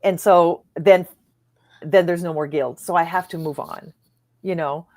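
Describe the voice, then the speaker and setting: A middle-aged woman coach, a podcast guest, telling a personal story in an earnest, animated way and acting out the dialogue. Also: on the low side, a little slow. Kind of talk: conversational storytelling.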